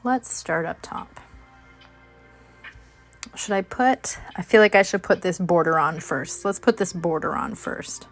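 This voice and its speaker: A woman's voice: fairly low pitch, measured pace, long pauses, faint music behind. A woman hosting a crafting video, chatting casually while she works, rambling with lots of fillers and restarts. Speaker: crafting channel host.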